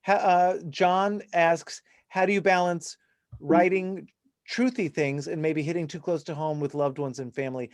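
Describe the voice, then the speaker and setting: A middle-aged man teaching a songwriting workshop online, talking in an animated, chatty, self-deprecating way. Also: on the high side, normal speed, no room sound, clean studio sound. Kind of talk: casual online workshop talk.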